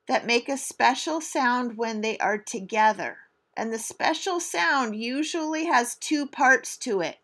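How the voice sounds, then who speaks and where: A middle-aged woman teacher giving a recorded spelling lesson, speaking deliberately and stretching out sounds to demonstrate them. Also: on the high side, a bit bright.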